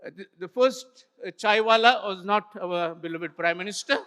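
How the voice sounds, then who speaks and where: Bright-voiced older Indian man in a hall. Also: sits high, slight background noise. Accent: Indian English. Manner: unhurried, many pauses and fillers, points at slides. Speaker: festival speaker. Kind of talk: illustrated talk to an audience. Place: large hall with an audience. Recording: hall reverb from a stage mic.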